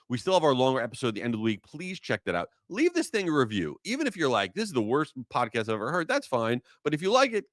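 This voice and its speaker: A man runs a solo podcast, speaking casually and enthusiastically while drifting into rambling side remarks. His mid-range voice has a fairly bright tone, captured in clean studio sound with no echo.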